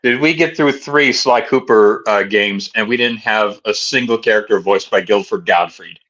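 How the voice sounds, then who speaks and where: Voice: mid-range voice, normal speed, a bit bright. Wry casual co-host, mid voice, muffled lo-fi mic. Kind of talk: casual chat. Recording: dull lo-fi mic.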